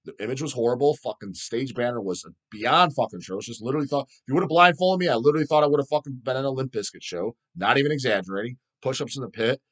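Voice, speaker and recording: A man's voice: mid-range voice, fast talker, hardly any pauses. A middle-aged man hosting a metal channel, ranting profanely and answering viewer questions. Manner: profane, animated, mocks people in put-on voices.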